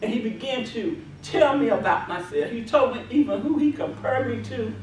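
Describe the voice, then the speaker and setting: A woman's voice: on the high side, lively intonation, normal speed, a little mellow, far from the mic, a little hiss or hum. Fervent woman preaching in an echoey hall. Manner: fervent, repetitive commanding cries. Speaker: deliverance minister. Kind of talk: testimony and deliverance prayer.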